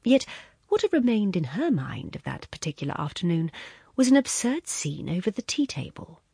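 A woman reading a literary short story as an audiobook narrator, measured and expressive, softening into hushed passages. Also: fairly low pitch, vocal fry, slightly rough, dry recording, studio quality.

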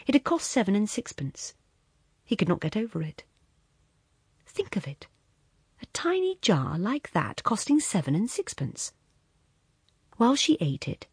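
A woman narrating a literary story in a hushed, intimate way, often close to a whisper, with a husky, breathy voice. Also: mid-range voice, no echo. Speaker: reader.

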